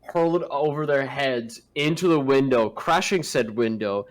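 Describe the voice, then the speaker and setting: A man voicing a flustered schoolteacher who haltingly reports a classroom accident. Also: medium pitch, natural voice. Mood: apologetic.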